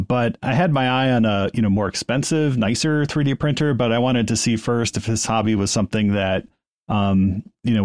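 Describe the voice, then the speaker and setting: A chatty man co-hosting a podcast, with a voice of average pitch. He pokes fun at himself and laughs along as he talks through his hobby. The recording is dry and close. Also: a little mellow, no echo. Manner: chatty, self-deprecating. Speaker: podcast co-host. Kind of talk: casual panel chat.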